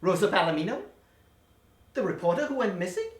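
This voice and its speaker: A woman's voice: mid-range voice, big pitch swings, fairly quick, natural voice. A woman playing a pompous scheming villain professor. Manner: pompous, insulting, theatrical. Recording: echoey room, distant mic.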